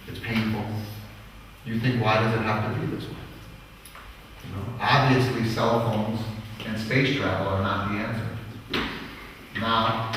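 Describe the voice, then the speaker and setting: A man's voice: fairly low pitch, a little hiss or hum. A man teaching yoga in a lecture to a live audience, blunt and profane, acting out little quoted voices as he goes. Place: yoga studio hall. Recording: echoey hall recorded from far off.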